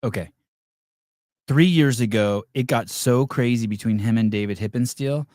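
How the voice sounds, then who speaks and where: A man's voice: medium pitch, moderate pace, a little mellow, no room sound, studio quality. A man hosting a podcast in casual chat, rambling and restarting, telling stories and acting out quotes. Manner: rambling storyteller, many fillers and restarts, acts out quotes. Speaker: podcast host.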